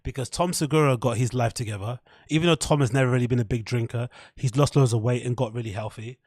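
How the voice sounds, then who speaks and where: A man's voice: medium pitch, fast, darkish tone, no echo, studio quality. A man, hosting a casual podcast and rambling in a chatty, self-mocking way with lots of swearing. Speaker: podcast host.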